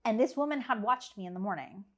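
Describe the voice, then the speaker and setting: Speaking fast with a fairly high pitch and lively intonation, this businesswoman shares a personal story as a podcast guest. She's open about what she's struggled with, stressing points earnestly and circling back to the same phrases.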